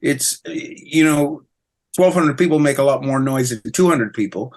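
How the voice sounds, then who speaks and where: A man's voice: medium pitch, a little slow, darkish tone. A middle-aged man from Canada, a comedian chatting in an interview, rambling with fillers and mocking himself. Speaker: comedian guest. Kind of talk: casual interview chat.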